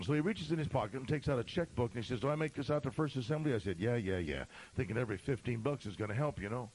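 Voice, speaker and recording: A middle-aged male pastor telling a story in a sermon, swinging from shouting to a hushed whisper. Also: mid-range voice, sing-song, fairly quick, breathy edge, rough recording.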